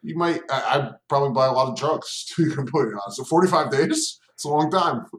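A man's voice: mid-range voice, animated, quick pace, a bit bright. A young man co-hosting a casual podcast chat, teasing, swearing freely and laughing a lot. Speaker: podcast co-host.

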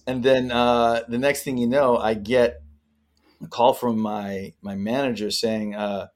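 A man in the middle of a relaxed podcast interview, spinning long anecdotes about his career. His voice sits at an ordinary pitch, and his stories wander, with plenty of "you know" and "uh" along the way. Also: unhurried. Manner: chatty, rambling anecdotes with frequent fillers. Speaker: actor guest. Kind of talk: casual interview storytelling.

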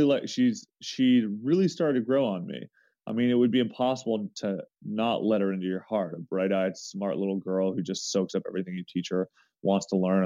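A man's voice: fairly low pitch, mellow, no room sound. A man reading a forum story aloud in the first person, earnest and sometimes restarting his sentences. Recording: dull lo-fi sound.

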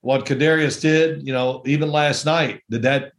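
A man's voice: mid-range voice, fairly even intonation, normal speed. A man in his sixties, a former quarterback, chatting as a podcast guest and telling wry stories. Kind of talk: casual podcast chat.

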